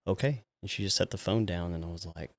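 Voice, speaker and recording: A man from Texas, a police officer guest on a podcast, telling a story in a casual, animated way, often laughing and acting out the people he quotes. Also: sits low, quick pace, creaky, no echo.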